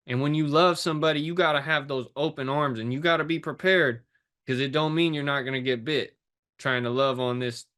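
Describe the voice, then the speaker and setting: A man's voice: mid-range voice, fairly bright tone. A man talks about hardship with the pull of a preacher, his voice sitting in an ordinary middle range. He coaches people in fitness and life, speaks bluntly and swears now and then, and leans hard into every point. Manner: intense, preaching, swears, uses street phrasing. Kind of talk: emotional podcast conversation.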